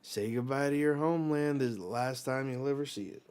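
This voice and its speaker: A man's voice: medium pitch, fairly quick, darkish tone, clear, resonant tone, close to an everyday voice. A man voicing a cruel, smug male captor in a manga read-aloud, mocking his prisoners. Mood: taunting. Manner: taunting.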